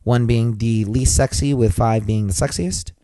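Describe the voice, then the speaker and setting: Brief: young male podcast co-host, mid pitch, dry close studio sound, lively and exclamatory. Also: moderate pace, no room sound. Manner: animated, reacts with loud exclamations, reads lines in put-on voices. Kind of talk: casual podcast chat, reading fan fiction aloud. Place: small home studio.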